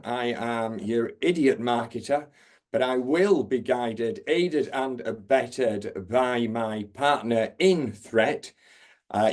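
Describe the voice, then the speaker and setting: A man's voice: mid-range voice, a little mellow. A man hosting a product demo webinar over a video call, full of jokey, self-mocking asides. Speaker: webinar host, marketer.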